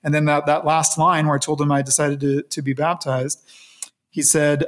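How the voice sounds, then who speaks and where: A man being interviewed, recounting a personal story in an earnest, reflective way with halting restarts. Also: on the high side, level tone. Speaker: interview guest.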